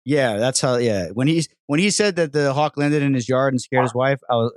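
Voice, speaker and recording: A man's voice: medium pitch, brisk, no echo. A man hosting a podcast, asking his guest questions and making wry, joking asides. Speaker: podcast host. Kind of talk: casual chat.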